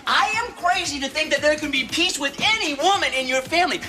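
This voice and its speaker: Actor playing a teasing, sarcastic soap hunk. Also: male voice, medium pitch, very animated, normal speed, natural voice. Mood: exasperated. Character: teasing, flirtatious man, sarcastic business partner. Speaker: soap opera character. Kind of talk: 1990 daytime soap acting.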